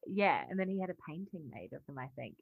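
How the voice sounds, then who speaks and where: A woman's voice: deep voice, big pitch swings, fast, creaky, slightly rough, narrow, tinny audio. An Australian woman in casual podcast chat, chatty and often laughing, trailing off mid-thought. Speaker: podcast co-host.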